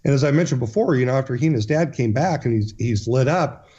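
Guy telling a story earnestly, mellow low-key voice, lots of restarts, audio a bit dull. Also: animated, fast talker, husky. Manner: earnest, with frequent restarts and fillers. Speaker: guest.

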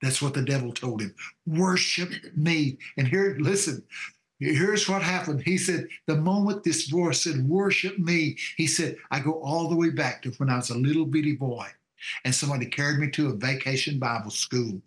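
A man's voice: medium pitch, fairly quick, echoey room. A man, a pastor telling a testimony and preaching in a folksy, fervent cadence. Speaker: pastor and show guest. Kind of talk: preaching testimony on a call-in show.

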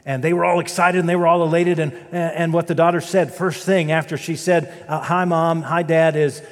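A man preaching a sermon as pastor, telling a story with dramatic loud peaks and quiet, slow prayerful passages. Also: fairly high pitch, steady tone. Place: church sanctuary. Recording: long reverb of a church sanctuary.

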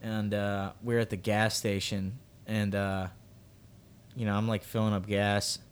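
A man's voice: on the low side, little pitch movement, unhurried, clear, resonant tone. A young man co-hosting a podcast, telling a long story in a rambling, casual way with lots of fillers and acted quotes. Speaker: podcast co-host.

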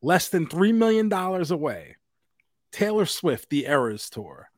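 A male podcast co-host with a voice a little higher than average, recorded dry and close. He talks in relaxed, chatty banter, now and then dropping a swear word. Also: measured pace, no echo. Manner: chatty, relaxed, occasionally profane. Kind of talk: casual chat.

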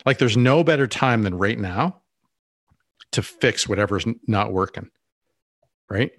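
Casting note: low-voiced male podcast co-host, loose rambling delivery, dry close mic. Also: expressive, a little slow, a bit bright, no room sound. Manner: rambling, frequent restarts and asides. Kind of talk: casual podcast conversation.

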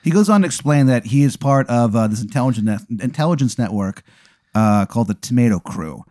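A man's voice: mid-range voice, animated, fairly quick, darkish tone, no echo. A man improvising as game master, rambling through the story with fillers and laughs. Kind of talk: improvised tabletop narration.

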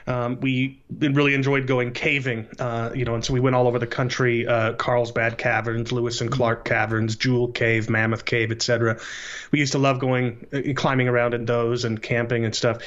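A man's voice: mid-range voice, little pitch movement, fairly bright tone. Earnest man telling his story, slightly muffled. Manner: earnest, measured, thoughtful storytelling. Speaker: podcast guest. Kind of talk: casual interview, telling his life story. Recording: slightly dull lo-fi audio.

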